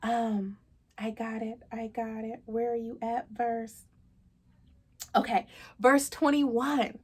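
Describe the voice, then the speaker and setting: A woman's voice: a little high, little pitch movement, takes it slowly, husky. A woman in her thirties hosting a casual devotional talk, earnest and chatty, calling listeners y'all with plenty of fillers. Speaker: host of a faith talk show.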